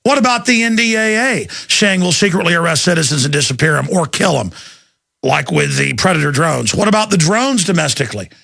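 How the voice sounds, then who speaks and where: A man's voice: fairly high pitch, animated, a little fast, gravelly, pushed and bright, no echo, clean studio sound. A man hosting a talk radio show, ranting in a fired-up, sarcastic way. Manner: fired-up, sarcastic, mimics others. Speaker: radio host.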